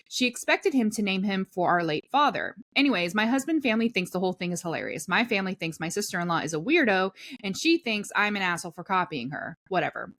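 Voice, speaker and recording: A woman's voice: mid-range voice, fairly bright tone. A woman co-hosting a podcast, chatting casually, laughing often and reading posts aloud. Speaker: podcast co-host.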